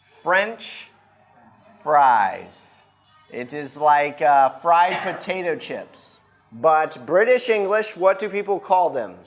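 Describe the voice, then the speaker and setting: A woman teaching an English class, modelling words slowly and clearly for her students. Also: lowish voice, soft background music. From United States. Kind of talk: classroom lesson.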